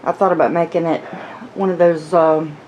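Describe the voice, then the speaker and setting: A woman's voice: deep voice, fairly even intonation, normal speed, darkish tone, rough recording. Woman, crochet tutorial host, slightly out of breath, chatty, self-mocking, faint background hiss. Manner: chatty, rambling, laughs at herself. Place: home, sitting on the floor.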